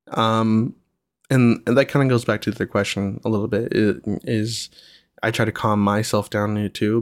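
A young adult man with a low, gravelly voice talks through a casual solo podcast. He is relaxed and reflective, with frequent ums and pauses, recorded close and dry. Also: dry recording. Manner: relaxed, reflective, many fillers. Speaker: podcast host, single father.

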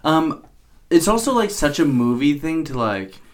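Higher-voiced man with sarcastic asides. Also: big pitch swings, unhurried. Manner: joking, sarcastic, heavy use of like. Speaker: podcast co-host. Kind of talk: casual chat recapping a film.

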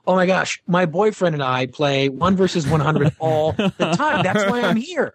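A man voicing an excited young female fan in an anecdote, talking in an eager, gushing way. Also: fairly low pitch, moderate pace, breathy edge, no echo, voice pushed up. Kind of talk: acted quote in an anecdote.

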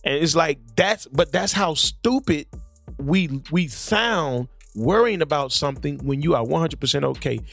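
Gravelly-voiced man telling stories. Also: fairly high pitch, unhurried, no room sound, soft background music. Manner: animated, repeats words when starting sentences. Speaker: podcast host. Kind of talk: casual chat with storytelling. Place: studio, sitting across from a guest. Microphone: studio microphone.

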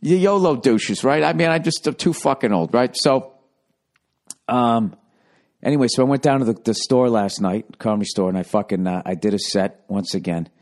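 A man's voice: mid-range voice, lively intonation, moderate pace, darkish tone. A middle-aged man and comedian telling a rambling, profane story in a casual podcast monologue with wry asides.

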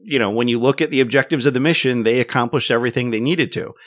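A man speaks in a relaxed, reflective way, circling back with fillers and restarts. The recording is dry and a little muffled, with no sense of a room. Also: medium pitch, fast talker, no echo. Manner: thoughtful, many fillers and restarts. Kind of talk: casual conversation about a war film. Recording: slightly dull, dry sound.

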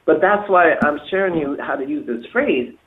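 A man with a somewhat high, animated voice speaks at normal speed, offering emphatic dating advice on a talk show. The dating coach repeats himself and acts out example phrases, and the audio sounds echoey and tinny, like a phone.

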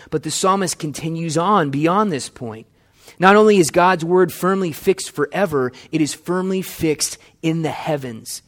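Male preacher, slightly high voice, earnest sermon delivery with emphatic repetition. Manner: earnest, building emphasis on repeated phrases; reads scripture aloud with rising intensity. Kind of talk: expository sermon.

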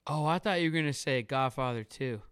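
A man in his thirties co-hosting a podcast, joking and animated in casual chat about parenting and movies. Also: mid-range voice, brisk, smooth, no room sound. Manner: animated, joking, laughs often. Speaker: podcast co-host.

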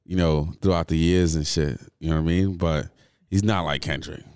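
A man's voice: extremely low pitch, fairly even intonation, normal speed, darkish tone, clean tone, dry recording, clean studio sound. A man in casual chat, blunt and opinionated, swearing freely.

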